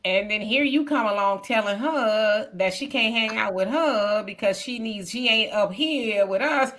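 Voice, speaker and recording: A woman's voice: medium pitch, measured pace, a bit bright. A woman hosting a casual talk show, probing her guest with skeptical questions. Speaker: host.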